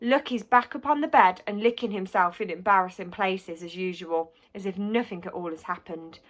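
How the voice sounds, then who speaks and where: A woman's voice: medium pitch, normal speed, fairly bright tone. A woman reading a children's book aloud, narrating expressively in the first person. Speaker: audiobook reader.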